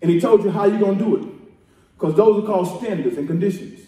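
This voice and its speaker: High-voiced preacher, echoey sanctuary. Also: male voice, fast. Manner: rhythmic repetition, call-and-response, shouting at peaks. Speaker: pastor. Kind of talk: sermon. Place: church sanctuary. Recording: echoey church hall, mic at a distance.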